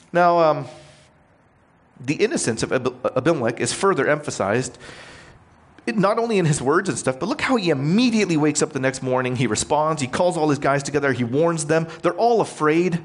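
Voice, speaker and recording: A man's voice: on the high side, expressive, brisk. A male preacher working through a scripture passage in a conversational sermon. He explains it plainly and puts questions to his listeners.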